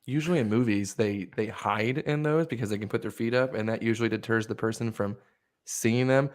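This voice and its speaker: Crude, animated man telling stories. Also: fairly low pitch, a little fast. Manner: animated storyteller, acts out voices in anecdotes. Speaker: podcast co-host. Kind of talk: crude comedic banter.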